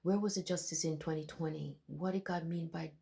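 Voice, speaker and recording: A woman's voice: low-pitched, steady tone, fairly quick, gravelly, dark tone. A middle-aged woman, a Christian video blogger, telling her dreams as an earnest and dramatic personal testimony.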